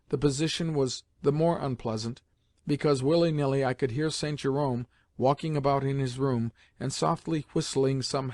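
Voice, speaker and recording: A man's voice: mid-range voice, no room sound. Man narrating an audiobook, dry and close. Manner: measured, even storytelling. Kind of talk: scripted narration.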